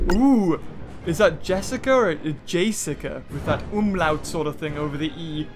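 Excitable British man, high lively voice. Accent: British English. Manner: excitable, chatty, thinks out loud and laughs often. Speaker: gaming channel host. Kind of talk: casual let's-play commentary. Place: bedroom at home.

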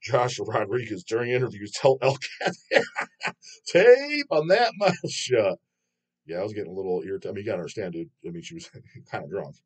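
A man's voice: lowish voice, steady tone, quick pace, breathy edge. A man hosting his own channel, reading viewer comments aloud and answering them in a rambling, profane way, laughing often. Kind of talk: casual chat.

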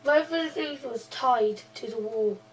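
A woman's voice: on the high side, a little slow, recorded from a distance, rough recording. A woman hosting and playing her part in a casual game role-play, hesitant, with frequent restarts and playful groaning. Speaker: host and role-player.

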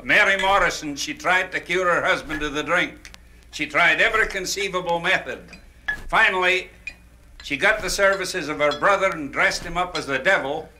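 A man's voice: a little high, pushed and bright, slight background noise, rough recording. A man telling pub jokes on a party record, chuckling and acting out the characters in each story.

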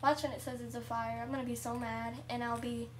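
A young girl giving casual, chatty commentary over her own gameplay at home, excitable and shrieking at surprises. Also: a little high, a little fast, recorded from a distance, background noise. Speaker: gameplay vlogger.

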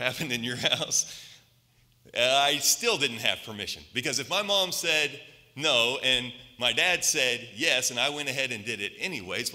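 A male preacher gives a Sunday sermon in a medium-pitched, very bright and sharp voice, telling the story and pressing the congregation with rhetorical questions. His words ring through a church sanctuary with a long reverb.

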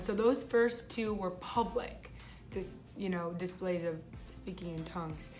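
A young woman talks straight to her viewers in an easy, eager vlog style, often circling back to restart a phrase. Her voice sits at an ordinary pitch. Soft music plays faintly behind her. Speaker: vlog host. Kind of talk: casual faith vlog talk.

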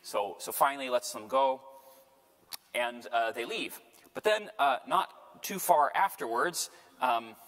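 Male priest lecturer, casual teaching tone, mid pitch, reverberant hall. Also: lively intonation, takes it slowly, a bit bright. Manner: conversational, checks in with "right?". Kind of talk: Bible study lecture. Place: parish lecture room.

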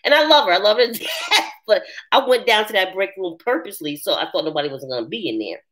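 Animated woman chatting live with viewers. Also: mid-range voice, fast. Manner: animated, laughing, talks back to chat comments. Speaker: live stream host. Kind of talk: casual live chat with viewers.

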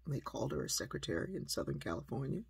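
Very husky woman telling a story. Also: very deep voice, racing, dry recording. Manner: lively, conversational, acts out quotes. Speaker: speaker, storyteller. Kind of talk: personal storytelling.

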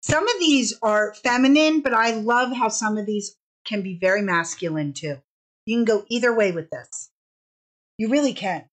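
A bubbly woman hosts a casual live shopping stream, talking fast and warmly to viewers. Her voice sits a little high, and she lingers on each product name as she holds it up. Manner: bubbly, chatty, draws out product names. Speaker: live sale host.

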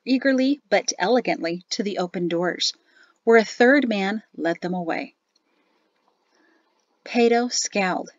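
A woman reading a novel aloud as audiobook narrator, with an even storytelling delivery. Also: medium pitch, moderate pace, no echo, lo-fi sound. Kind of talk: scripted narration.

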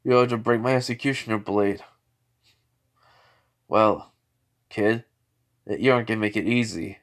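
A proud, gruff swordsman, as a man puts him on, blunt and indignant. The voice is fairly low and hardly altered from the storyteller's own. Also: unhurried, lightly acted.

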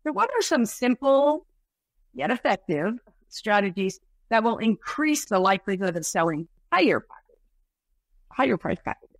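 A woman's voice: medium pitch, sing-song, moderate pace, dry recording. A woman hosting a podcast interview, chatting and asking follow-up questions. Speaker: podcast host.

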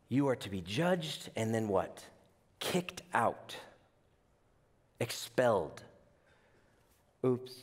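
Pastor guy preaching, lively and joking around, kinda high voice, big echoey hall. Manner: animated, playful asides and voiced quotes. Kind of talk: sermon.

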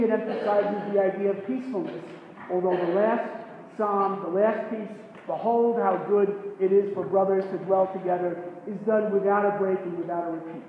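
A man giving a pre-concert lecture, explaining in a measured way with pauses and self-corrections, recorded in a concert hall. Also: high-pitched. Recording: echoey hall, dull lo-fi sound, faint noise.

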